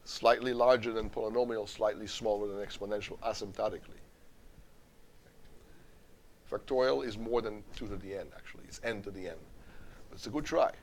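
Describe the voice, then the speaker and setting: A man's voice: lowish voice, fast, a little hiss or hum. A middle-aged man lecturing as a university professor, emphatic, repeating and restarting words as he quizzes the class. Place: lecture hall.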